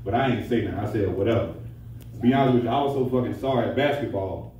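Low-pitched and fast, with a dark tone, a male stand-up comedian does a crude, profane routine on a nightclub stage. He uses a handheld stage mic, but the recording picks him up from a distance in the echoey club.

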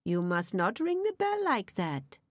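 A woman's voice: medium pitch, huge pitch swings, unhurried, no echo. Scolding, ill-tempered nun, read by a woman. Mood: displeased. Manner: sharp and scolding. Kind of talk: audiobook reading.

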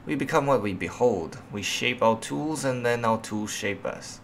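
A man's voice: medium pitch, animated, moderate pace, creaky, slight background noise. A man casually commenting while he plays a game, playful and chatty, often exclaiming. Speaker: gamer. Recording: loud music behind.

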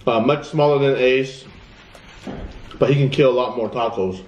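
A man's voice: medium pitch, normal speed, reverberant, dull audio, background noise. A man, a father and vlog host, chatting casually while eating at home. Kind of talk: casual mukbang chat. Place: family home at the dining table.

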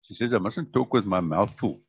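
A man hosting a public forum in a chatty, jovial way, with sudden bursts of excitement. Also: on the low side, fairly quick, husky, no echo. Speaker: forum host. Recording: dull lo-fi recording.

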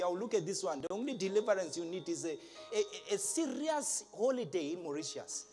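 Animated preacher man, high lively voice. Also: fairly quick, faint music behind. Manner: animated, swings from shouts to low asides, laughs often. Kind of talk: lively church sermon. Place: church hall with congregation.

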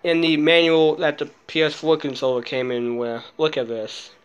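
A man filming a casual handheld vlog, jittery and muttering to himself, swearing often, sometimes dropping into soft baby talk to a cat. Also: fairly high pitch, level tone, normal speed, smooth, muffled recording, faint music behind. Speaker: vlogger.

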